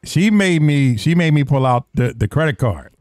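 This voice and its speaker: Joking man host, slightly high voice. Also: animated, normal speed, darkish tone, no room sound, clean studio sound. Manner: joking, slangy banter. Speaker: podcast host. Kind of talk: casual podcast chat.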